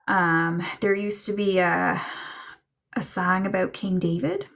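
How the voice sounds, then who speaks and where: A woman doing a live psychic reading for chat viewers, slow and musing, with many ums and trailing thoughts. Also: lowish voice, steady tone, creaky, a bit bright. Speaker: psychic medium.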